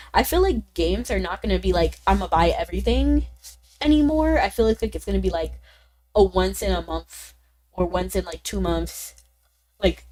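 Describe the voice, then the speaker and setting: A chatty woman streamer talking casually to her viewers, her voice a little altered because she is sick. She rambles in loose run-on sentences with small laughs, at a middling pitch for a woman. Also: a little mellow. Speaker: livestreamer. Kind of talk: casual stream chat reading viewer comments.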